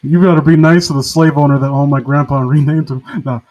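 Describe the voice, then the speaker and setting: A man's voice: fairly high pitch, fairly even intonation, fast, lo-fi sound. A man co-hosting a podcast, rambling and swearing through casual comedic chat. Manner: rambling, swearing, laughing often. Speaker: podcast co-host.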